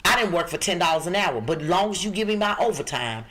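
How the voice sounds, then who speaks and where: Brassy, rough-edged woman from the Midwest. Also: lowish voice, animated, fast, fairly bright tone. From Chicago. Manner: brassy, emphatic, joking. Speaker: podcast co-host sharing job listings. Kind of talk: lively podcast chat.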